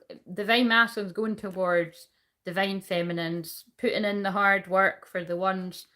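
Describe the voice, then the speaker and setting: A woman's voice: mid-range voice, fairly bright tone. A woman giving a casual tarot reading, rambling, swearing freely and laughing often. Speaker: tarot reader.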